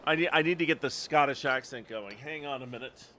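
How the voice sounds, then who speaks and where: A man's voice: mid-range voice, fairly quick, sharp tone, a little hiss or hum. A man streaming a game live, reading its dialogue and chatting in self-deprecating asides.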